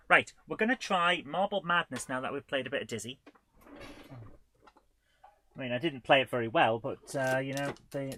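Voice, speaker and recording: A man's voice: mid-range voice, pushed and bright. Rambling man hosting a stream. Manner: rambling and self-deprecating, with chuckles. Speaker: host of a live retro gaming show. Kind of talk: casual livestream chat.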